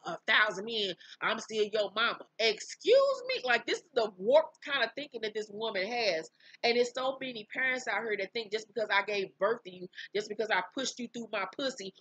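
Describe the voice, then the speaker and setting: A woman host recapping events in a blunt, candid way, cursing freely as she talks. Her voice is bright and forward, with a dry close sound and no room around it. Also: mid-range voice, no room sound, rough recording. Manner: blunt, candid, profane storytelling. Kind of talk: casual recap of a reality show.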